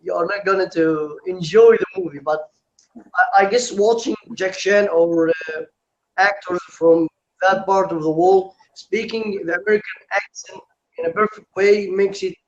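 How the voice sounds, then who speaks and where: Hochstimmiger Mann mit arabischem Akzent, dumpfer Ton. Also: male voice, high-pitched, steady tone, a little hiss or hum. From Egypt. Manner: halting, searching for words. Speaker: English learner, channel host. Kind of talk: casual conversation on a video call. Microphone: video call. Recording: dull lo-fi call audio.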